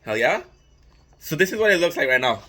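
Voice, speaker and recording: A man's voice: on the high side, very animated, brisk, bright, forceful tone. A young man hosting a casual mukbang vlog, chatting loosely and swearing as he cooks. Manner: loose and profane, hyped asides. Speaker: mukbang vlogger.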